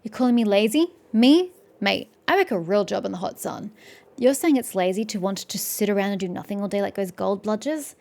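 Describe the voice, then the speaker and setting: A woman's voice: medium pitch, brisk, creaky, darkish tone, natural voice. A woman voicing a surly, arrogant male bricklayer who rants indignantly and boasts of his own genius, with faint game music behind. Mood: scornful.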